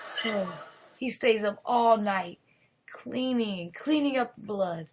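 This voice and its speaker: A woman live streamer telling a spooky story in an animated, drawn-out way, raising her voice at the gory parts. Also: mid-range voice, background noise.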